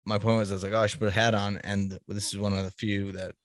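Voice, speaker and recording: Low-voiced man, dry close sound. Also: flat delivery, fast, no echo. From Boston area. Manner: rambling, self-interrupting, laughs often. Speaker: podcast guest. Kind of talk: casual chat.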